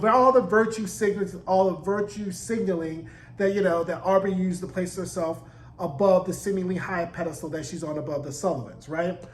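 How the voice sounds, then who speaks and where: A man's voice: sits high, echoey room, a little hiss or hum, rough recording. A man giving a casual recap of a TV episode, sassy and profane with chatty asides. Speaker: TV recap reviewer.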